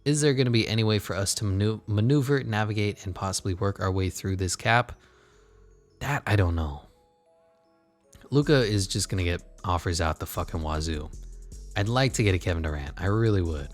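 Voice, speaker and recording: A man's voice: on the low side, a little fast, faint music behind. A man commentating his basketball video game in a casual, sarcastic way, swearing and muttering asides. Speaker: gaming channel host.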